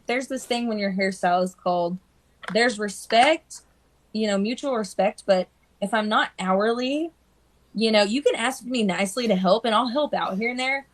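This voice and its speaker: With a mid-range voice at a moderate pace, a female hairstylist tells animated stories on a live stream, acting out the people she quotes. The casual chat is recorded on a phone.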